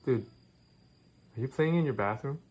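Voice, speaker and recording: A man's voice: mid-range voice, animated, moderate pace, darkish tone, soft background music, natural voice. A man playing a laid-back young guy who teases his friend over a call in a short comedy film. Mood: casual. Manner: casual, teasing.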